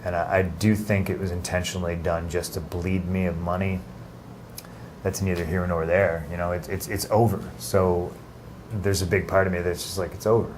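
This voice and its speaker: A man giving an interview in a casual, halting way, with many restarts and fillers. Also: low voice, flat delivery, noisy background. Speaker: interview guest.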